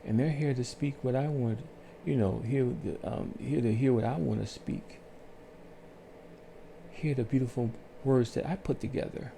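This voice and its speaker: A man calmly telling his life story on his own channel, in a soothing, unhurried way with pauses. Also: mid-range voice, gravelly, a little hiss or hum. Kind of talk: slow reflective storytelling.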